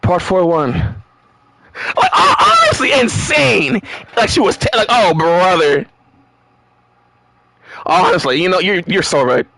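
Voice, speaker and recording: A man's voice: sits high, wildly swooping pitch, slow, pauses often, bright, forceful tone, dry recording. A man streaming a game live, rambling animatedly, laughing often and swearing freely.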